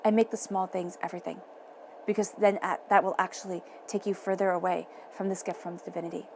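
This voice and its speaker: A woman giving a tarot reading, speaking in a soft, encouraging way and repeating phrases for emphasis. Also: on the low side, level tone, a little fast, a little hiss or hum. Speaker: tarot reader.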